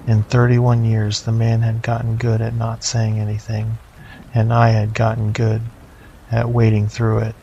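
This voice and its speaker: Middle-aged male horror narrator, deadpan, low gravelly voice, faint background hiss. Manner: slow, measured, deadpan. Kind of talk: first-person horror narration. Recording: slightly dull lo-fi, faint noise.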